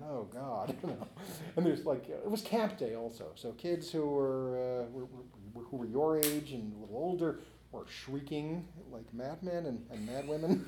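A man's voice: mid-range voice, mellow. A middle-aged man, an author and interview guest, telling a long casual story, laughing often and using many "you know" fillers. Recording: roomy echo.

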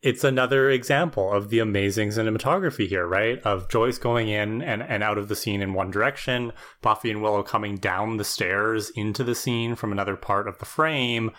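A man's voice: fairly low pitch, sharp tone. A man co-hosting a casual podcast, analysing a TV episode in a thoughtful, explanatory way, often checking in with "right?". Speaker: podcast co-host.

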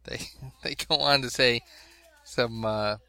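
A middle-aged man co-hosting a casual chat, telling stories with animated energy. His tone is bright and forceful, and his voice sits mid-range. The sound is close and dry. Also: medium pitch, slow pace, clear, resonant tone, no echo. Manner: animated storyteller, laughing asides.

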